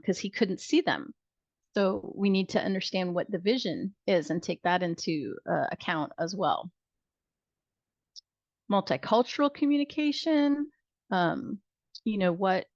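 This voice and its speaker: A woman's voice: medium pitch, no room sound. A middle-aged woman teaching nursing students in a conversational way, acting out sample dialogues. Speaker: nursing instructor. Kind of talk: recorded video-call lecture. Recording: dull lo-fi video call audio.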